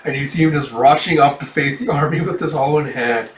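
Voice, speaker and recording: Man, casual manga retelling, slightly high voice, roomy and distant. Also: a little fast. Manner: animated, acts out every character. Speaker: manga reader.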